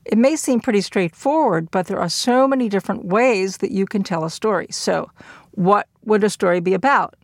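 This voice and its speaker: A middle-aged woman giving a lecture in a measured, explanatory way. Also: mid-range voice, dry recording, clean studio sound. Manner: measured, explanatory delivery with occasional fillers. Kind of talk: recorded lecture.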